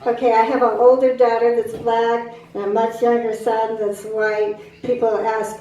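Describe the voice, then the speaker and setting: A woman's voice: fairly high pitch, little pitch movement, normal speed, hardly any pauses, mellow. A middle-aged woman doing a stand-up set on a club stage, punchy and brash, bantering with the crowd. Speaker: stand-up comic. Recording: very echoey club from a distance.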